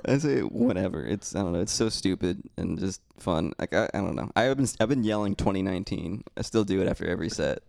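A man's voice: lively intonation, fast talker, vocal fry, hardly any pauses, darkish tone, no room sound, clean studio sound. A young man, a stand-up comic, chatting casually on a podcast, joking and mimicking people. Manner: joking, mimics people in goofy high voices. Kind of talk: casual chat.

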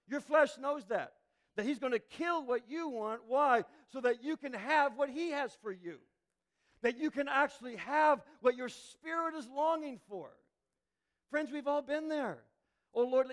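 High-voiced impassioned male preacher. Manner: impassioned, rising and dropping to near hush. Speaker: pastor. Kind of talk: sermon.

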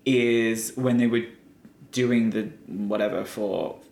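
A man's voice: on the low side, steady tone, slow pace, vocal fry, darkish tone. A man co-hosting a podcast, explaining details at length in casual chat. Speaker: podcast co-host. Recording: echoey room.

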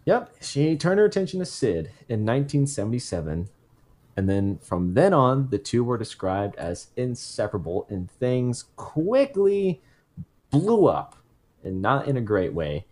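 A man's voice: mid-range voice, big pitch swings, a little slow, darkish tone. A man co-hosting a casual podcast, telling a true case in a rambling way that stops to correct itself and throw in jokey asides.

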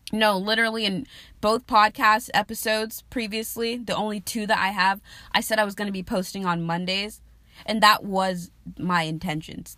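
A young woman talks through her solo podcast in a loose, rambling way, swearing casually and breaking into laughter. She trails off and restarts her thoughts. Her voice sits at an everyday middle pitch, recorded close and dry with no room sound. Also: sharp tone, no echo. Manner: chatty, profane, laughs often, trails off mid-sentence. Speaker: podcast host.

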